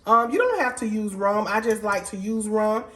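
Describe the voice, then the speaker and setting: A woman's voice: medium pitch, expressive, moderate pace, fairly bright tone. A woman hosting a casual cooking tutorial in her home kitchen, stuffed up from a cold and chatting in a down-home, informal way. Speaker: cooking show host.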